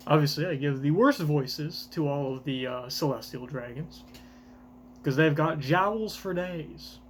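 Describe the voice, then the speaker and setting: A man streaming a live reaction, with excitable, profane, rambling commentary. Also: fairly high pitch, unhurried, slight background noise.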